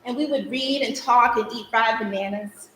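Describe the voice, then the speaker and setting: A young woman acts a stage monologue, lightly performed, as a spirited girl recounting her childhood in vivid, rhythmic fashion. She speaks at a moderate pace with a fairly high, slightly bright voice. The live recording echoes and carries a little hiss or hum.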